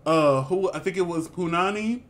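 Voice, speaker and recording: A man co-hosting a casual review chat, animated and exclamatory, with sassy asides. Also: sits high, moderate pace. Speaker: co-host reviewing a reality show.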